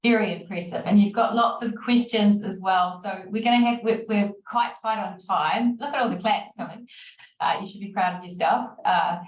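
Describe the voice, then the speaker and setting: A woman's voice: medium pitch, moderate pace, recorded from a distance. New Zealand woman moderating, effusive and encouraging; roomy echo, sits back from the mic. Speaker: session moderator. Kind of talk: online webinar Q&A.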